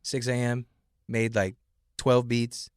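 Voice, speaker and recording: A man as a podcast guest, telling animated stories with lots of swearing and acted-out quotes. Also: mid-range voice, slow, clean tone, no room sound, studio quality. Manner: animated storyteller, heavy swearing, acts out quotes. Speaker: guest rapper. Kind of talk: casual interview chat.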